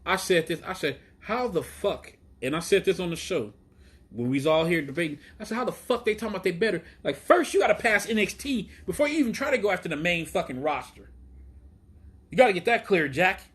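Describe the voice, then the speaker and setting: A man from Chicago hosting a casual live stream outdoors, talking in a profane, excitable, rambling way about wrestling. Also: sits high, brisk, husky. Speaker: wrestling show host. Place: outdoors in the heat.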